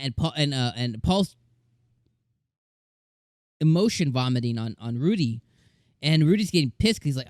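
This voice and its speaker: A man reviewing an anime episode in casual chat, excitable and gushing, often repeating words and restarting his sentences. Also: mid-range voice, normal speed, pauses often, no echo, clean studio sound.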